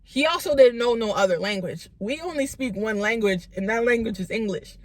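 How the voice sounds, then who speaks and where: A young woman tells a storytime vlog with lots of slang, constantly addressing her viewers. Her voice sits a bit high. The sound is dry and close, with no room echo. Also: lively intonation, fairly quick. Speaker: vlogger.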